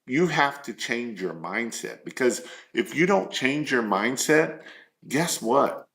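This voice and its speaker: Guy coaching business owners live, slow unhurried talk, lots of rhetorical questions, mid pitch. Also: animated, fairly bright tone. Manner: earnest, repetitive, rhetorical questions.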